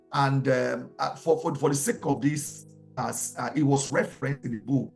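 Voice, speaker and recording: A man with a Nigerian accent teaching a marriage class, telling stories with lots of restarts and repeated words. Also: mid-range voice. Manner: animated storytelling with many restarts.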